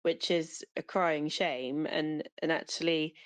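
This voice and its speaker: A woman's voice: deep voice, fairly even intonation, slow pace, smooth, dry recording. A woman from the UK talking in a casual group chat, rambling on with many fillers and restarts. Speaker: caller in an audio chat room.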